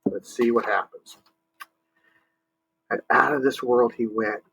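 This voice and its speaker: A man's voice: mid-range voice, fairly even intonation, takes it slowly, vocal fry, sharp tone, husky, poor audio. A male teacher reading a picture book aloud to children. He stops to explain words and asks the kids to join in.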